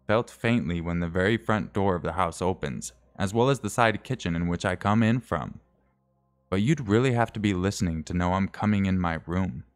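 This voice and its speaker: Low-voiced guy reading a creepy story on stream, casual, fixes his slips as he goes. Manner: casual reading with self-corrections and wry asides. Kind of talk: reading a scary story aloud.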